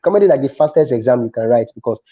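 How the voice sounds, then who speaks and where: A man with a Nigerian accent, a comedian chatting as a guest and telling stories with animated restarts. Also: mid-range voice, racing, muffled recording. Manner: animated storytelling with frequent restarts. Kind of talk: casual interview chat.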